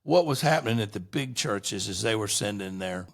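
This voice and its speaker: A man's voice: on the low side, expressive, moderate pace, gravelly. A middle-aged man, a guest on an interview show, telling long rambling anecdotes in a casual way and often restarting his sentences.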